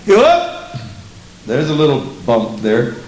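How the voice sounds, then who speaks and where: High voiced preacher guy, punchy repeated lines, echoey church room. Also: wildly swooping pitch, takes it slowly, a little mellow, a little hiss or hum. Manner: emphatic, repeats lines, asks the congregation questions. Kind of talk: sermon.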